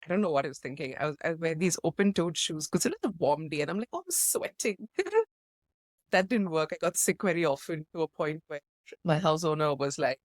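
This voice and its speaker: A woman's voice: low-pitched, a little fast, dry recording, clean studio sound. A woman co-hosting a casual podcast, telling stories animatedly and laughing often. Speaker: podcast co-host. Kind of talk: casual chat.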